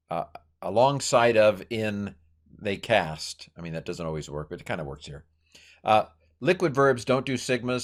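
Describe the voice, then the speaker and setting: A middle-aged man teaching Greek grammar informally, thinking aloud with many fillers and corrections and playful asides. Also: low-pitched. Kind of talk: informal Bible language lesson.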